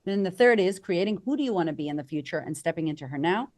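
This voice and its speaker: A woman coaching as a podcast guest, energetic and conversational, acting out quoted voices for emphasis. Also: lowish voice, fast. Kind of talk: conversational interview.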